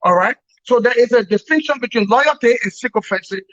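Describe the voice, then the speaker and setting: An expressive Liberian man with a very high, fairly bright voice speaks briskly as he gives opinionated political commentary on a talk show via remote call. He laughs wryly and repeats words, and the call audio sounds dull and lo-fi.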